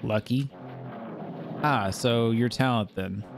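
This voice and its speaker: A man's voice: mid-range voice, slow, gravelly. A man voicing a cold, dismissive young man in a video game, over background noise.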